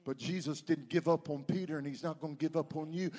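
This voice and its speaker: A man preaching a sermon as pastor, dramatic, swinging between loud and hushed delivery. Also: fairly high pitch, steady tone, fast, few pauses. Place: church sanctuary. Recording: long reverb from a church hall.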